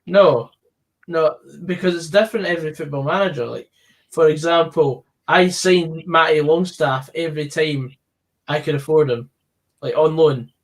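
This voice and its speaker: Man, stream host, casual chat, slightly high voice. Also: moderate pace. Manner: casual, reads out viewer questions.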